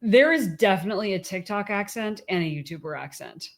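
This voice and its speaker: A woman's voice: mid-range voice, animated, a little fast. A woman co-hosting a podcast, chatting casually with her husband and thinking aloud with restarts. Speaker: podcast co-host.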